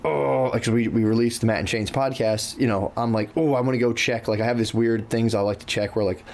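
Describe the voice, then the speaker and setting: A man's voice: medium pitch, steady tone, fairly quick, a little mellow. A man co-hosting a podcast in loose casual chat, swearing freely, saying "dude" often and acting out his own thoughts. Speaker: podcast co-host.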